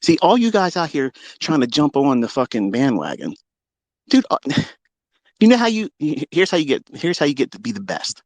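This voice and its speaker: A man hosting a live audio stream, delivering a heated, profane and boastful rant that swings between loud outbursts and low muttering. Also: huge pitch swings, normal speed, no echo. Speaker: trading educator and Twitter Space host.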